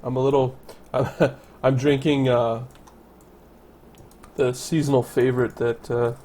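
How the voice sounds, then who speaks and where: A man's voice: medium pitch, level tone, measured pace, dark tone. A man casually commenting on his city-building game, thinking aloud and correcting himself as he goes. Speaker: let's play commentator.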